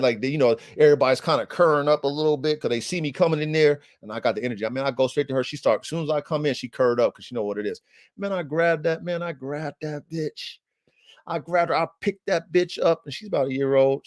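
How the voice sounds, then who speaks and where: A man's voice: mid-range voice, no room sound. Male livestream host, casual storyteller, fired up and cursing, mid-range voice, dry close sound. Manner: animated, heated and swearing; slangy, with many fillers addressed to listeners. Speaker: podcast host.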